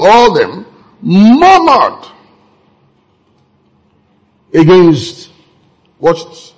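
A man preaching a sermon, with sudden jumps in pitch and words repeated for emphasis. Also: a little mellow, breathy edge, low-quality recording.

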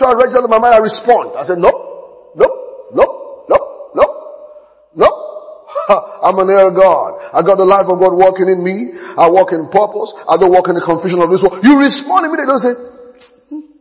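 A male pastor delivers a sermon in a high, very lively voice that swings up and down. He laughs often and repeats phrases over and over. The sound carries the long reverb of a large hall.

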